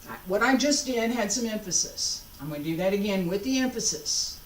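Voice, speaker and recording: A woman teaching a martial arts class, counting students through moves and calmly correcting their form. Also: medium pitch. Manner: calm, deliberate, corrective coaching. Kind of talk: class instruction with counted cues. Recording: echoey room, distant mic, faint background noise.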